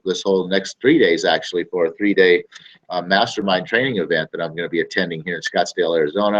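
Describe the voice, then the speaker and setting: A man's voice: low voice, highs cut off. A man hosting a casual talk to camera, rambling and emphatic, often repeating his phrases. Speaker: show host.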